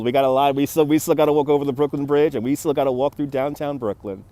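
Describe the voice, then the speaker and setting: Walking along a city harbor with his phone on a handheld gimbal, this forty-something New Yorker livestreams a tour, reading comments and greeting viewers by name amid traffic noise. His mid-range voice is warm and steady, and he speaks fast with few pauses, though the recording sounds dry.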